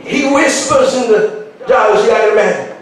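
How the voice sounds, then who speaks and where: A male pastor preaching a sermon in rising, shouted, half-sung cadences as the congregation answers. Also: high-pitched, animated, slow pace. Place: large church sanctuary. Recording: echoey church hall from far off. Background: congregation responding.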